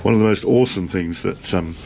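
Man, enthusiastic rambling shop tour, low gravelly voice, faint background hiss. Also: fairly quick, darkish tone. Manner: enthusiastic, rambling, self-deprecating. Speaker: presenter. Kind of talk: walk-around shop tour vlog. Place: indoor shop.

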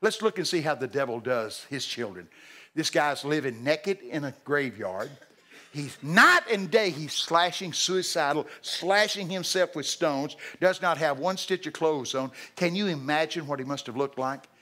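A man preaching a sermon at a church service, animated and jokey, breaking into shouted acted-out lines. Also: fairly high pitch, normal speed. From Texas.

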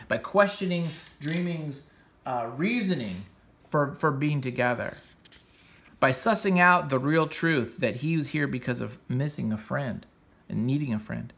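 A man's voice: lowish voice, creaky, a bit bright. A man hosting a comics show, casually retelling a comic book story in a rambling, enthusiastic way with frequent restarts.

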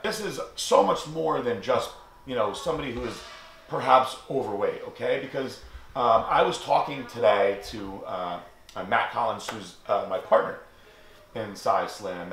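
A man's voice: fairly low pitch, a bit bright, a little hiss or hum. A man hosting a vlog, telling a story casually and rambling with many fillers. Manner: rambling, lots of likes and ums. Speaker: vlog host. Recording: echoey room with long reverb.

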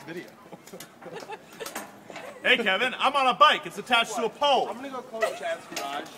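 A man's voice: sits high, big pitch swings, moderate pace, crowd noise. A man leaving a laughing, joking message on a home video in a busy restaurant.

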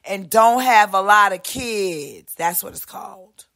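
Woman podcast host, profane rant, bright edgy tone, slow drawn-out delivery. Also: mid-range voice. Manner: profane, brash, swings loud and soft, voices other people mid-rant. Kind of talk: unscripted monologue rant.

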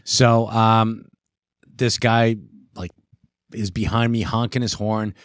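A man's voice: on the low side, slow, no echo, clean studio sound. A man telling a rambling, profane anecdote on a podcast in casual chat, acting out the quoted lines. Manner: profane, animated storytelling, acts out quotes. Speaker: podcast guest. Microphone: podcast studio mic.

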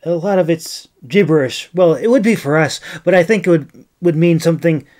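A man voicing a gentle young woman who talks to dragons in a soft, sing-song cooing voice. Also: a little high, moderate pace, pitched above the performer's own voice, lightly acted. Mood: explaining.

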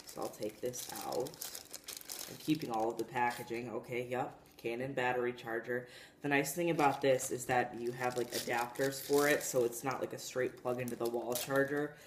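A young woman chatting casually in a home vlog, gushing with excitement as she talks to the camera. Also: rumbling low, normal speed, a little hiss or hum. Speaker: vlogger. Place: home, indoors.

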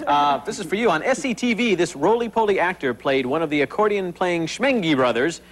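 A man's voice: a little high, lively intonation, low-quality recording. A man hosting a TV game show in a studio, upbeat and jokey, bantering with contestants. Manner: jokey, bantering, quick to laugh. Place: TV studio with live audience. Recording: 1980s TV broadcast, loud audience noise. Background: studio audience.

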